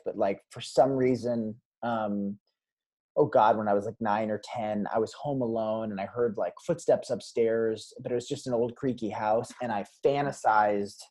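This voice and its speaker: A man as a guest on a casual podcast interview, rambling through animated stories. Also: fairly low pitch. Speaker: guest filmmaker.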